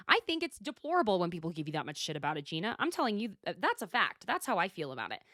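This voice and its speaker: A woman's voice: fairly low pitch, wildly swooping pitch, fast, fairly bright tone, dry recording, clean studio sound. A woman hosting a solo podcast, recapping in a blunt, profane, exasperated casual chat. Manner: blunt, profane and exasperated, talking straight to the people she discusses. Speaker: podcast host.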